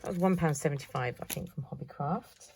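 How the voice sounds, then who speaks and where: Low gravelly woman, chatty. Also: a little fast, darkish tone, a little hiss or hum. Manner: chatty, thinking aloud with fillers. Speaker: craft vlogger. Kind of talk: casual haul chat.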